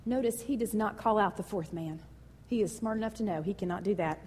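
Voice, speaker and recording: A woman pastor preaching a sermon in a lively, conversational and emotional way. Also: mid-range voice, fairly quick, slightly rough, long reverb tail.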